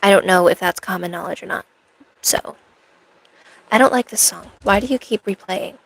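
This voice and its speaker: A woman's voice: mid-range voice, moderate pace, creaky, poor audio. A woman chatting casually with viewers on a cosplay live stream, rambling along with playful, self-mocking asides.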